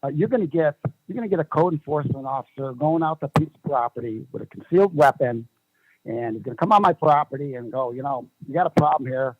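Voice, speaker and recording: A man's voice: a little high, lively intonation, quick pace, a little mellow, no room sound, highs cut off. A man giving public comment at a county meeting, emphatic and argumentative, pressing his point with rhetorical questions.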